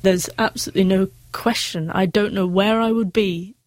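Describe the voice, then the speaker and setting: A woman's voice: mid-range voice, fairly even intonation, normal speed, a little mellow, dry recording. A middle-aged woman who stutters, telling her personal story candidly as an interview guest. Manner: stutters with sound repetitions, candid and earnest.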